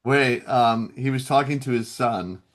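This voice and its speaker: A man who works as a voice actor, a guest in a casual interview, telling animated stories and laughing often. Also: mid-range voice, a little slow.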